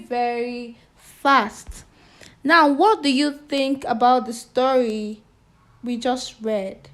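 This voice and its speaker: A woman teacher with a Nigerian accent, reading a story aloud to children and spelling words out letter by letter. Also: a little high.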